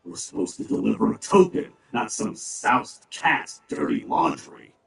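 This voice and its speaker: A big, gruff male orc in a video game. The voice is deeply gravelly and swings in pitch as he grumbles and quips sarcastically, with a roomy, distant sound over game music. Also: wildly swooping pitch, measured pace, exaggerated voice.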